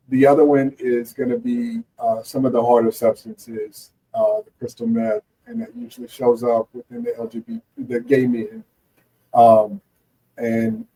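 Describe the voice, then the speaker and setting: A man's voice: medium pitch, vocal fry, warm tone, far from the mic, a little hiss or hum, poor audio. A man with a Southern US accent, a therapist guest speaking in an interview, earnest and hesitant with many fillers. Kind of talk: casual interview chat.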